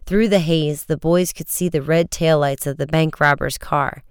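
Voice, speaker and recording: An audiobook narrator reading an adventure story, with brisk, vivid storytelling that rises into shouts for the dialogue. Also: medium pitch, steady tone, clean tone, no echo, studio quality.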